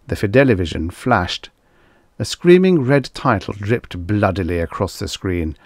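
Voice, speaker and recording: A man's voice: lowish voice, lively intonation, measured pace, no room sound, clean studio sound. A man reading vintage science fiction aloud as an audiobook narrator, telling the story expressively. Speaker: audiobook reader.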